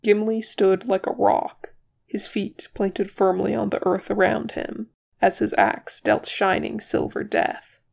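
An audiobook reader narrating fan fiction in an even, steady way. The voice sits at a middling pitch, unhurried and strongly gravelly. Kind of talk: reading fan fiction aloud.

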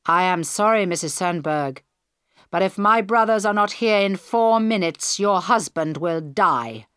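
A woman's voice: on the low side, animated, unhurried, fairly bright tone, smooth, no room sound. A woman reading a cold, menacing male hijacker.

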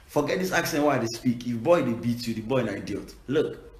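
A man's voice: medium pitch, normal speed, few pauses, roomy sound. A man with a Nigerian accent, a musician giving brash, profane, playful advice in a casual vlog.

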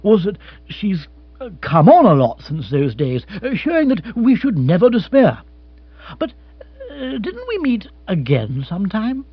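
A man's voice: high-pitched, huge pitch swings, a little slow, breathy edge, dry recording, voice pushed up, full character voice. A man doing a bumbling jovial English husband. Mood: dignified, sheepish. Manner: stammering, chuckling, blustery. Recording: dry, slightly dull audiobook.

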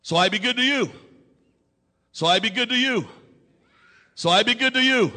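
A man preaches a sermon in a strikingly high, bright voice. He repeats his key lines, calls on the congregation to answer, and climbs to shouts. The sound rings with the long reverb of a large hall. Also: animated, normal speed. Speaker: pastor.

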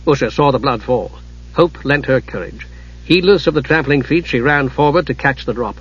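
A man narrating a fantasy audiobook in a steady, dramatic storytelling manner. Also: medium pitch, normal speed, slightly rough. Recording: dull lo-fi audiobook recording.

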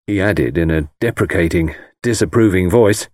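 A man narrating a first-person audiobook in a steady storytelling manner. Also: sits low, normal speed, no room sound, clean studio sound.

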